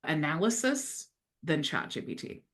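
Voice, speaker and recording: A woman hosting a casual group video call, telling stories in a lively, quick way. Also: sits low. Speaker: host of a group coaching call.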